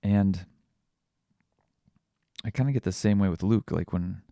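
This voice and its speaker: Deep gravelly man musing aloud. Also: a little slow, mellow, no room sound, clean studio sound. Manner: candid, rambling with frequent restarts. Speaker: podcast host. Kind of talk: reflective monologue.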